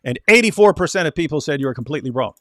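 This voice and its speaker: A man's voice: on the high side, lively intonation, racing, a bit bright, dry recording. Man talking in a dry, close sound. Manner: storytelling, acts out quoted dialogue. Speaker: co-host. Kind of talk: casual reaction chat.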